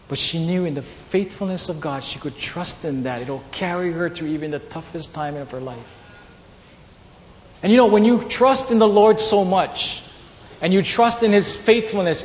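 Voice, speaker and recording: A man preaching a sermon, telling personal stories with animated delivery and acting out the voices of people in them. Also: a little high, unhurried, slight background noise. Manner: animated storytelling, acts out quoted voices. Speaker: pastor. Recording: long reverb in a large hall, faint ambience.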